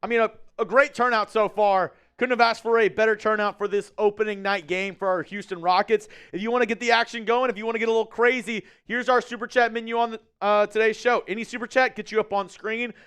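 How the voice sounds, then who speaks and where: A man from Texas hosting a live stream, chatting casually with viewers and calling the game play by play, shouting on big plays. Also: high-pitched, smooth. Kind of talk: casual live-stream watch-along commentary. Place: studio at company headquarters.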